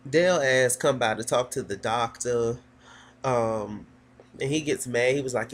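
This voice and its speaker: A man's voice: mid-range voice, measured pace. Sassy man gossiping through a recap. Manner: sassy, gossipy storytelling with many fillers. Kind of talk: casual TV episode recap.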